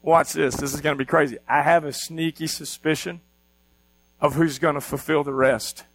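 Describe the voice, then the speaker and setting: A man's voice: a little high, steady tone, moderate pace, low-quality recording. A man preaching a sermon as pastor, teaching with energy and often asking the congregation questions.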